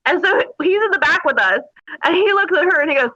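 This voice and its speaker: Woman guest telling funny army stories, bright voice, lots of laughing, dull lo-fi sound. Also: extremely high pitch, fast. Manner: animated, laughing, crude humor. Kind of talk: casual interview storytelling.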